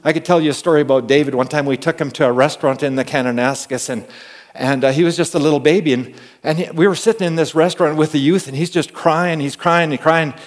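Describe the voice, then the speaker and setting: A man preaching a conversational sermon. He moves between hushed asides and loud, emphatic calls, often adding an amen and repeating words as he tells stories. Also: fairly high pitch, fairly even intonation, fast talker. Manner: repeats and restarts words while storytelling. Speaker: pastor.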